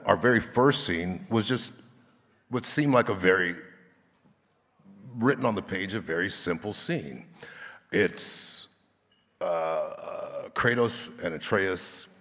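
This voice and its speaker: Actor guest on a convention panel, an unhurried storytelling man, low voice, echoing big hall. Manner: relaxed storyteller, laughing often. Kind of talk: anecdotal storytelling. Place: large convention stage. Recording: reverb of a large hall.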